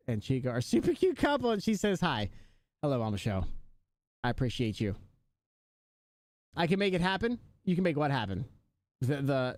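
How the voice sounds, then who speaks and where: A man's voice: on the high side, no echo. A man live streaming, chatting casually and joking with his viewers, laughing often.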